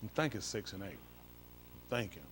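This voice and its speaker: A man's voice: fairly low pitch, animated, fairly quick, a little hiss or hum. A male pastor leads an informal Bible study, comparing translations and coaxing someone along with repeated "come on.".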